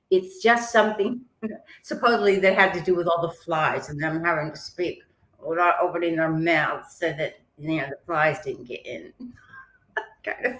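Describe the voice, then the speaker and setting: A singer-songwriter and author who lives in Melbourne chats casually as a podcast guest, poking fun at herself and laughing often. Her voice is on the low side and a bit bright, with a roomy sound.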